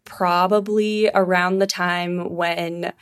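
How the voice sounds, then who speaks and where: Casual low-voiced woman scientist. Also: flat delivery, slow, clear, resonant tone. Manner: casual, uses fillers like "like". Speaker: evolutionary biologist. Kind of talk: interview answers.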